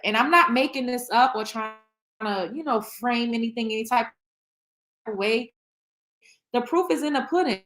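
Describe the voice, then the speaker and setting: A woman with a slightly high, somewhat bright voice hosts her own show, talking at normal speed but with long pauses. In this candid reaction vlog she's blunt and emotional, swearing freely and rambling through restarts and fillers.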